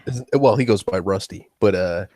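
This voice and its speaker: A man's voice: low voice, normal speed, warm tone, no room sound. A man hosting a livestream, reading chat messages aloud and laughing along.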